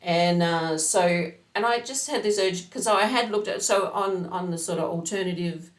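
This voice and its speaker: A woman's voice: fairly low pitch, moderate pace. A middle-aged woman hosting a casual chat, rambling and reflective as she searches for words. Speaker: host.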